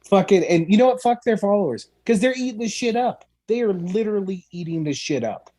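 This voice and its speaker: A man's voice: high voice, animated, a little fast, warm tone. A man co-hosting a podcast who rants with heavy swearing in an exasperated comedic style. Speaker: podcast co-host. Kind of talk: profane comedic rant.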